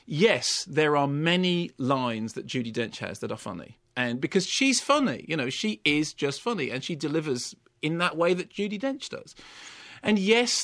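A man's voice: a little high, a bit bright, dry recording. A man reviewing a film on radio in an arch, wry, theatrical way, speaking into a studio microphone. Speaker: film critic.

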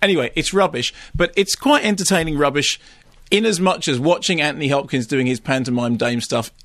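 A man reviewing films on the radio in a lively, ranting way, slipping into mock impressions. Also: fairly high pitch, brisk, dry recording. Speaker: film critic. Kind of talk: radio film review banter. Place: radio studio.

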